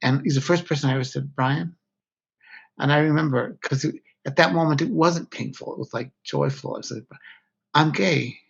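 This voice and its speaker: A man's voice: fairly high pitch, moderate pace, gravelly, breathy edge. A man, a guest author, speaking candidly and reflectively in an interview, often breaking off mid-thought. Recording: slightly dull lo-fi audio.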